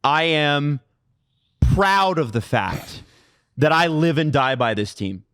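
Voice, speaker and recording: A man's voice: fairly high pitch, lively intonation, takes it slowly, fairly bright tone, smooth, no echo, studio quality. A man ranting as co-host of a sports podcast, impassioned and exasperated, swearing often. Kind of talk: heated sports podcast rant.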